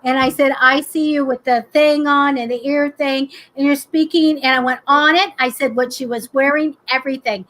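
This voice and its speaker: A woman hosting a live psychic chat show, telling stories in a chatty, animated way. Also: sits high, normal speed, hardly any pauses, low-quality recording. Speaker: psychic host. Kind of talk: casual live-stream chat.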